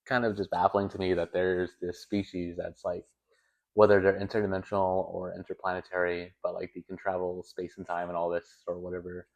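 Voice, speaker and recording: A man's voice: sits low, completely flat delivery, normal speed. A young man hosting a video, telling a story in a casual, rambling way with stammers and self-corrections. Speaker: video host.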